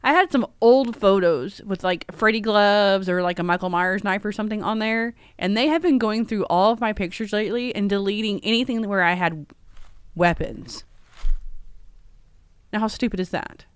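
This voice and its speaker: A woman hosting a casual unboxing livestream, excited and laughing often. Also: medium pitch, moderate pace, clean tone, no echo. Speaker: livestream host.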